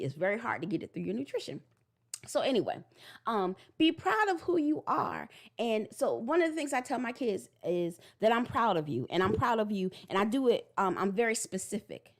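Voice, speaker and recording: A woman in her forties giving a blunt, animated parenting talk that slips into acted-out voices. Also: medium pitch. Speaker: parenting vlogger. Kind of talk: casual preachy monologue.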